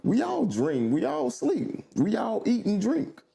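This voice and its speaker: A man from chats as a podcast guest, his voice swinging widely in pitch. He has a gravelly edge and a mellow, darker tone. He tells stories with loose southern slang. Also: measured pace. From Baton Rouge, Louisiana. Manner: animated storyteller with southern slang. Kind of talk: casual conversation.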